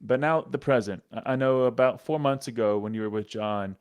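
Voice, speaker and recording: A man's voice: mid-range voice, brisk, smooth. A man hosting a podcast interview, asking questions in an easygoing, jokey way. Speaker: podcast host.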